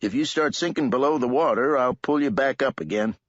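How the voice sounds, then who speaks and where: A man's voice: mid-range voice, fairly quick, dry recording, voice pushed up, close to an everyday voice. A man voicing a kindly, talkative old man with a folksy, drawling delivery in an audiobook. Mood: reassuring. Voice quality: folksy, drawling and sing-song. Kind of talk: audiobook character voice. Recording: dull lo-fi dry recording.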